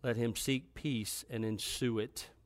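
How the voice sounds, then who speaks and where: A man, a pastor, preaching a sermon and reading scripture aloud. His pitch rises when he exhorts the congregation. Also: fairly even intonation, unhurried, no echo.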